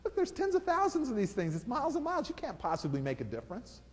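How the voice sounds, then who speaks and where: Guy putting on a high, mocking critic voice, dismissive, hall echo. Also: wildly swooping pitch, fast talker, exaggerated voice. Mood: scoffing. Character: scoffing male critic on a beach.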